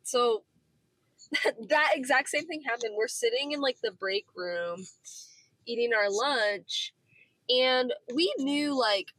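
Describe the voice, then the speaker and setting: A woman's voice: on the high side, slow pace, pauses often, no echo, low-quality recording. A woman in her twenties chatting casually in a car, telling a story with lots of acted-out dialogue. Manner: animated, acts out quoted dialogue. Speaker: podcast co-host.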